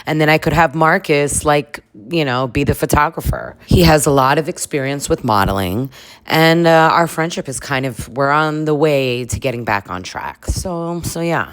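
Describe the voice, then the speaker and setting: A woman's voice: sits low, expressive, moderate pace, smooth. A woman voicing an earnest young gay man who rambles nervously with lots of filler words.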